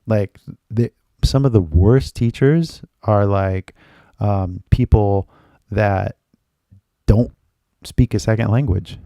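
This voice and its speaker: Gravelly low-voiced man teaching casually. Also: slow pace, dark tone, no room sound, studio quality. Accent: American. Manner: loose and chatty, mixes Japanese into his English; filler-heavy, lots of "like" and "right?". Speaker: English teacher. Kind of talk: casual live-stream lesson.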